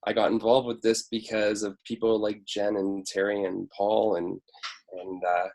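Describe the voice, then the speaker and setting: A man with a slightly low voice greets everyone in a friendly, upbeat way. He joins the video call as a guest. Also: flat delivery, normal speed, gravelly, a little mellow, rough recording. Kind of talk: casual video call chat.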